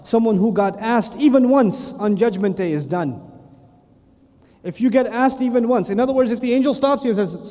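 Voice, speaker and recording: A man giving a humorous religious lecture, telling stories with animated asides and self-corrections. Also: extremely high pitch. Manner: animated storytelling with quick asides. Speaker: Islamic lecturer. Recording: long hall reverb.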